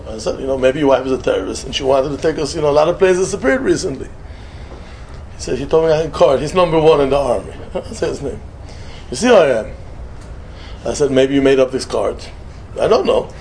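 A man giving a sermon, telling a story and mixing in Hebrew and Yiddish phrases, jumping between loud emphatic lines and soft murmured asides. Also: mid-range voice, lively intonation, fast talker, slight background noise. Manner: peppers English with Hebrew and Yiddish words, short repeated phrases. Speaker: rabbi giving a talk.

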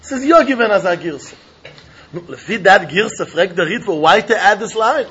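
High, husky-voiced man teaching Talmud. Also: normal speed. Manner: animated, chuckling, acts out both sides of an argument. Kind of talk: Talmud lecture. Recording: dull lo-fi recording.

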